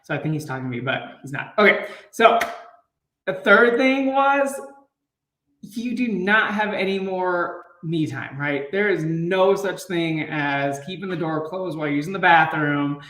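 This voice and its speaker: A man's voice: high-pitched, lively intonation, unhurried, bright, forceful tone, far from the mic. A man in his thirties, a fitness coach and father, chatting casually to viewers and laughing often. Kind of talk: casual live chat to viewers. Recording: roomy, off-mic.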